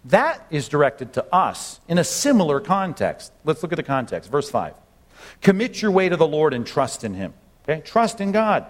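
A man preaching an expository sermon in a conversational way, often checking in with his listeners and stressing key points with rising bursts. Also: fairly high pitch. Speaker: pastor.

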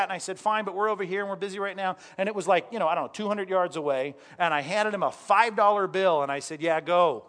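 A man's voice: high voice, fast talker, few pauses, a bit bright. A middle-aged man preaching a sermon as a pastor, conversational and story-driven, often putting direct questions to his listeners.

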